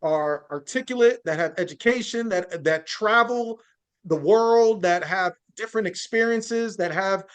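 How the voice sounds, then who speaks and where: A man's voice: high-pitched, unhurried, clean tone. A man speaking as a journalist guest in a podcast interview, earnest and building his points through lists and frequent restarts.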